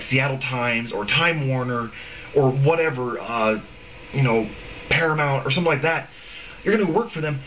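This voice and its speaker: A young man vents in a casual video blog, sarcastic and profane, his pitch leaping up and down as he rambles. Faint background noise sits under the recording. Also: fairly bright tone, low-quality recording. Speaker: video blogger. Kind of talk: casual ranting vlog.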